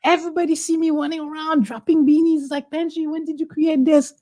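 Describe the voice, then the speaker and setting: A woman's voice: high voice, little pitch movement, fairly quick, dark tone. A woman host, chatting in an exuberant, teasing, exclamatory way. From Haiti. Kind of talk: casual talk-show chat.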